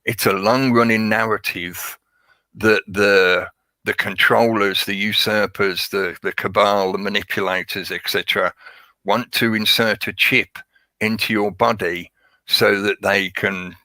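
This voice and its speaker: A man's voice: lowish voice, fairly even intonation, a little slow, bright, forceful tone, dry recording, poor audio. A man hosting a casual livestream, talking at length in a rambling way and greeting chat viewers by name. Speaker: livestream host.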